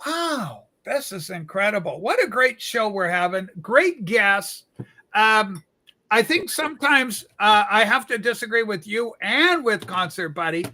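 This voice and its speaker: A man's voice: high-pitched, big pitch swings, measured pace, sharp tone, full character voice. A man playing Rachel, a flamboyant, gossipy woman who fusses and scolds in mock scandal during comedic livestream banter. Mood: bossy. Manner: campy, chatty, mock-scandalized.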